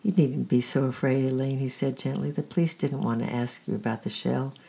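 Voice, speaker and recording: A storyteller reading the lines of a kind grown man who speaks gently and reassuringly, in a creaky, husky voice. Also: medium pitch, steady tone, brisk.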